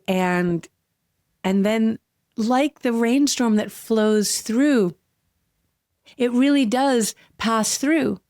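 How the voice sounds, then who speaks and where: A woman hosting a solo podcast, talking candidly and with heartfelt, gentle emotion. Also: medium pitch, no echo, clean studio sound. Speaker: podcast host.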